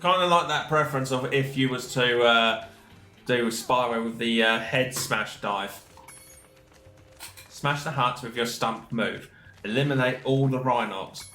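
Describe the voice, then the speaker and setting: Slow-talking jokey gaming commentator. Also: male voice, mid-range voice, sharp tone. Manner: chatty, joking, reacts aloud to the game. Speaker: gaming channel host. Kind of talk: casual gameplay commentary. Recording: echoey room with game music.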